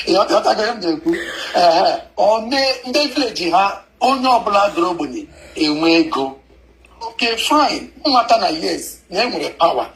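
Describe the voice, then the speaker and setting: A man calling in, talking in a rambling, halting way. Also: high-pitched, animated, fairly bright tone, poor audio. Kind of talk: casual phone-in chat.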